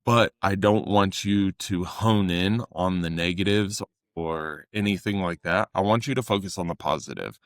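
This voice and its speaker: A young man with a fairly low voice talks earnestly on a casual podcast about coaching. He speaks close to the mic in a dry, dead room, and now and then he acts out quotes in a louder, higher voice. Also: normal speed, few pauses, no room sound. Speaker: fitness coach and podcast co-host.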